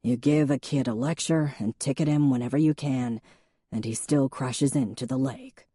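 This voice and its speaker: Wry male police chief, steady and deadpan, low voice from a woman narrator, dry recording. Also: normal speed, husky, dry recording. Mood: steady, reassuring. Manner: deadpan, patient stare in the voice.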